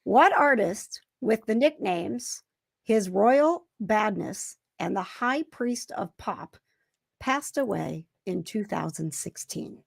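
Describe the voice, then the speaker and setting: A woman's voice: medium pitch, expressive, slow, vocal fry, breathy edge, no echo, studio quality. An American woman hosting a live chat show, bubbly and laughing often. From United States. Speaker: host.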